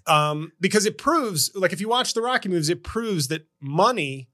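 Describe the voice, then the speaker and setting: A man hosting a comedy podcast, riffing fast in casual chat and often slipping into loud character voices. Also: high voice, expressive. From Haitian background.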